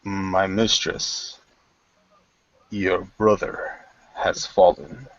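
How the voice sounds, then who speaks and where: A man's voice: sits low, flat delivery, extremely slow, no echo, heavily acted. A man voicing a loyal armored male servant who reports to his mistress in a formal, subdued manner, on a dull lo-fi recording. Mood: deferential.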